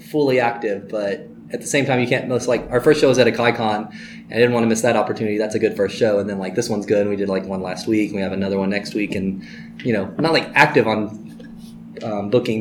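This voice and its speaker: A man being interviewed about his band, talking in a loose, rambling way, full of fillers and quick laughs. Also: lowish voice. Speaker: guest musician in a band. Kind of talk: casual interview chat. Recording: roomy with faint noise.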